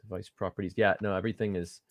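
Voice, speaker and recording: A middle-aged man on a video call interview, telling stories in a rambling, self-deprecating, animated way through a home microphone. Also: fairly low pitch, rapid-fire, no echo, clean studio sound. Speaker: guest, theatre artistic director. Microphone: home USB microphone on video call.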